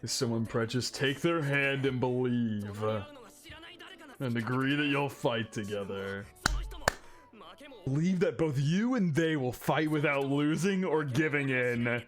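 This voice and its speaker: A man's voice: mid-range voice, a little slow, close to an everyday voice. Subaru, a man voicing an impassioned young hero. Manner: earnest, impassioned rallying speech. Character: young male hero rallying a frightened crowd.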